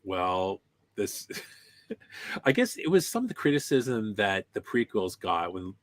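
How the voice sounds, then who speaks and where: A man's voice: fairly low pitch, big pitch swings, slow. A man co-hosting a fan podcast in casual chat, telling stories and laughing between remarks. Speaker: podcast co-host.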